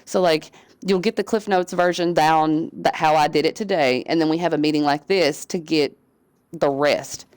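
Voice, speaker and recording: A woman's voice: low-pitched, moderate pace, darkish tone, clean tone, no room sound. A woman, casually explaining things to her crew on a live game stream, drawling with lots of fillers. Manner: laid-back, drawling, many fillers.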